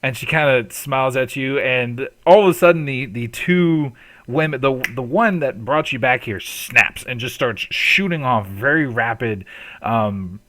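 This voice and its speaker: A man's voice: mid-range voice, measured pace, a bit bright, slight background noise. Profane, laid-back game master man. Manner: loose, profane, with frequent ums and likes. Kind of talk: narrating a tabletop game.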